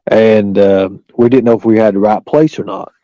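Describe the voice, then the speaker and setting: A man's voice: fairly low pitch, steady tone, moderate pace, warm tone, dry recording. A man telling a rambling, profane story in a casual way, full of restarts and fillers. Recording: dull lo-fi recording.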